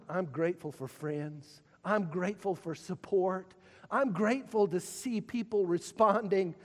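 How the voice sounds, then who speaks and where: A man preaching a sermon as pastor, repeating and pausing, swinging from loud calls to hushed lines. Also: high voice. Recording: long reverb of a church hall.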